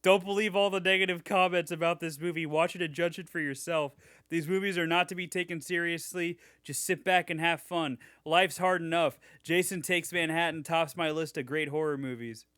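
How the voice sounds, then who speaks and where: A man's voice: on the high side, steady tone, moderate pace, a bit bright, smooth, no echo, studio quality. A young man co-hosting a podcast, reading fan reviews aloud in a mock-enthusiastic way, swearing casually. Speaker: podcast co-host.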